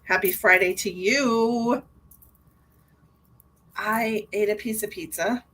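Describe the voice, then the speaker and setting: A woman's voice: fairly high pitch, takes it slowly, pushed and bright, a little hiss or hum. A middle-aged woman, a psychic medium, chatting casually on a live stream and telling a story. She laughs often and greets viewers by name.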